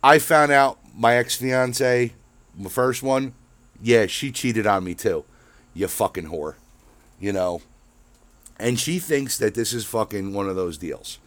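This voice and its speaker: A man's voice: medium pitch, slow, dry recording. A man hosting his own show, ranting in a casual, rambling monologue full of swearing and filler words. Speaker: podcast host.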